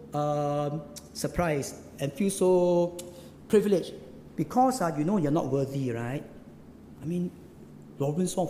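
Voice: medium pitch, warm tone, slight background noise. A preacher with a Singaporean accent giving a sermon, teaching through rhetorical questions and local particles. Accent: Singaporean English. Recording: echoey hall with long reverb.

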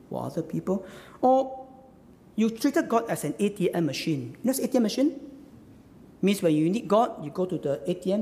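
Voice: mid-range voice, dark tone, in a large hall. A preacher giving a sermon, emphatic and full of repeated rhetorical questions, tagging points with "huh?". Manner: repeats phrases and tags lines with "huh?".

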